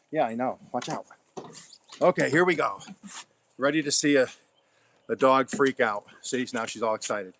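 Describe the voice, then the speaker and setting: A man's voice: mid-range voice, a little slow, long pauses, fairly bright tone, a little hiss or hum. A man, chatting casually as he gardens in his backyard and talks to his dog, folksy and rambling. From Oklahoma. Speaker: gardening vlogger. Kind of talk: casual chat while gardening.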